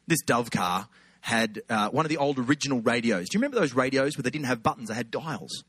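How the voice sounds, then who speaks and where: Bright-voiced Australian pastor telling jokes. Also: male voice, medium pitch, fast talker, slightly rough, no echo. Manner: animated, jokey, lots of put-on voices. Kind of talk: humorous sermon storytelling.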